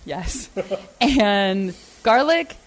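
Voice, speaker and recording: A woman's voice: mid-range voice, expressive, very slow. A woman chatting playfully and teasing while cooking at home. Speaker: home cook. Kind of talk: casual cooking chat. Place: home kitchen, indoors.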